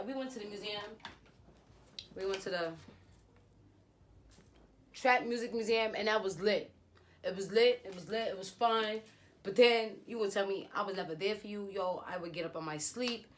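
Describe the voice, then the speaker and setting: A young woman vlogger telling a personal story in a lively, slangy, casual way. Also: medium pitch, normal speed, pauses often. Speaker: beauty vlogger. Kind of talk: storytime vlog.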